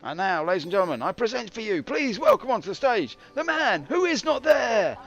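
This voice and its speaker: A British man putting on a grand, drawn-out showman's announcing voice. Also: sits high, big pitch swings, fairly bright tone, voice pushed up, exaggerated voice. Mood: grandiose. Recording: dull lo-fi with faint hiss.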